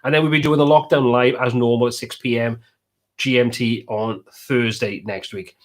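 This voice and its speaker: A man's voice: mid-range voice, steady tone, moderate pace. A man with a Welsh accent, casually chatting as host of a live stream and reading out viewers' comments.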